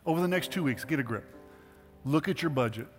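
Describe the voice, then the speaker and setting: Preaching in a church sanctuary, this middle-aged pastor has a slightly high voice with lively intonation and talks fast. He speaks earnestly and conversationally, rising into emphatic exhortations, while the recording carries hall reverb and faint music.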